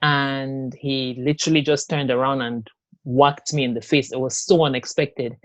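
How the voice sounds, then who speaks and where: A woman telling her own story in an interview, speaking haltingly with many fillers and restarts. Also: very deep voice, fairly even intonation, no room sound. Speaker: interview guest. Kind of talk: personal testimony in an interview.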